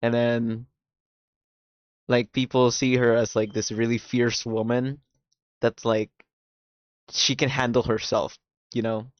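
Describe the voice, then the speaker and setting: A man streaming, casually recapping a drama's plot in an animated way, swearing often and filling his talk with "like". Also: medium pitch, takes it slowly, pauses often, smooth, no room sound. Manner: animated, swears a lot, fills with "like". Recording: dull, dry, lo-fi mic sound.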